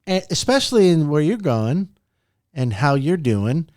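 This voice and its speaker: A man hosts a motivational podcast, speaking unhurriedly on a clean, echo-free studio recording. He's animated, swooping his pitch up and down for emphasis as he tells stories and laughs often.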